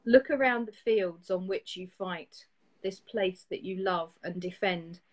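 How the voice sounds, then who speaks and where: A woman hosting a poetry show, reading poems in a steady, even way and chatting briskly with her co-host. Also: lowish voice, low-quality recording. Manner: steady, even reading with quick laughs in chat. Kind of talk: casual chat and reading poetry aloud.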